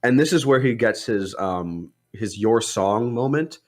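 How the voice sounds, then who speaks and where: A man's voice: lowish voice, lively intonation, a little slow. A young man on a podcast casually retelling a film plot, rambling with lots of "like" and "um". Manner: rambling retelling with many likes and ums. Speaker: podcast co-host. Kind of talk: casual movie discussion.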